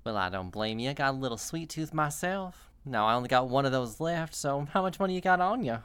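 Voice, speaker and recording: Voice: mid-range voice, animated, brisk, a bit bright, clear, resonant tone, lightly acted. A game master voicing a sassy drag queen shopkeeper with a folksy Southern drawl in a tabletop game. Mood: sassy hospitable. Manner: drawling, folksy, uses y'all.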